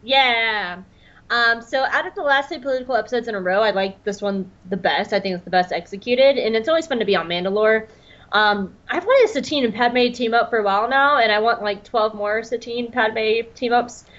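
A woman's voice: fairly high pitch, brisk, fairly bright tone. A woman co-hosting a podcast, chatting in a playful way with lots of "um"s. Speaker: podcast co-host. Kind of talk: casual chat. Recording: slightly dull lo-fi sound.

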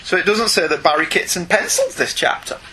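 A British man in his forties co-hosting a casual comics discussion, animated and joking. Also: sits high, quick pace. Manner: animated, breaks into plummy posh-British voices for jokes. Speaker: podcast co-host.

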